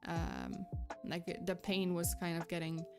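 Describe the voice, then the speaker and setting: A young woman tells a story on a livestream in a loose, rambling chat, full of fillers and restarts. She sounds slightly out of breath, and faint music plays softly behind her. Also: fairly low pitch, wildly swooping pitch, unhurried, gravelly. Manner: chatty, rambling, with frequent fillers and restarts, breaking off to thank chat. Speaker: VTuber streamer.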